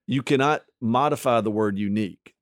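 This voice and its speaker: A man's voice: medium pitch, normal speed, dry recording. Male podcast co-host, wry and teasing, dry close mic. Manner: wry, teasing, explains things. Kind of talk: casual banter.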